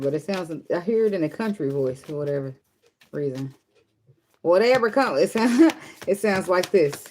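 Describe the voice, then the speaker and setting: A woman's voice: lowish voice, slight background noise. Profane, joking woman tarot reader. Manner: profane, joking, sings along softly between readings. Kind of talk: casual tarot reading with singing along.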